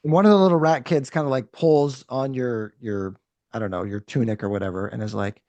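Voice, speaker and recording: Male game master, gravelly mellow voice, dry close sound, loose rambling narration. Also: medium pitch, fairly even intonation, fairly quick, dry recording, lo-fi sound. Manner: rambling, hesitant, many restarts.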